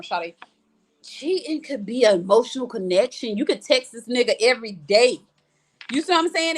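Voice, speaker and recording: Livestream host, woman, a bit high-pitched, blunt, swears freely, lively casual chat. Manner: blunt, profane and animated, reading out comments. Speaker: livestream host reading viewer comments.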